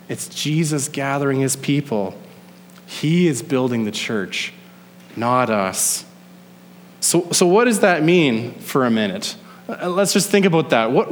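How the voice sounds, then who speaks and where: Male pastor preaching in a reverberant church. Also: on the high side. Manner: conversational preaching, stretches key words slowly. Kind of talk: sermon. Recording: long hall reverb.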